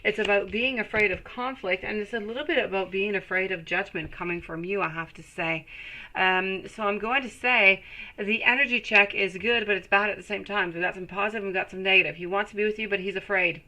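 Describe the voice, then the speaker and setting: A woman's voice: medium pitch, steady tone, brisk, sharp tone, poor audio. A woman giving a live-streamed tarot reading, chatting with viewers and calling them sweetie as she reads the cards. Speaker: tarot reader.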